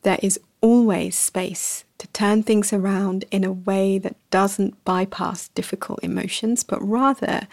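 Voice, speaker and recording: A woman hosting a reflective podcast, speaking softly and slowly, dropping to a whisper at times and laughing at herself. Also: mid-range voice, gravelly, no room sound. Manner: soft and slow, sometimes whispering, laughs at herself. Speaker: podcast host. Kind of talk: gentle reflective podcast talk.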